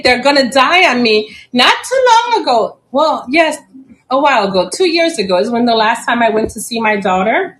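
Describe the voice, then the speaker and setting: A middle-aged woman with a high voice hosts a live auction in a casual, chatty way. She takes her time, laughs easily and trips over tricky names. Faint music plays behind her. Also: a bit bright, rough recording. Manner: chatty, giggly, stumbles over and spells out plant names. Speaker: live-sale seller.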